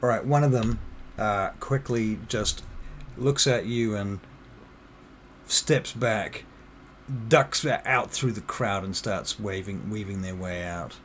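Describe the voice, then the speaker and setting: A man narrating a tabletop game as game master, relaxed and full of fillers. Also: on the low side, takes it slowly, a little hiss or hum.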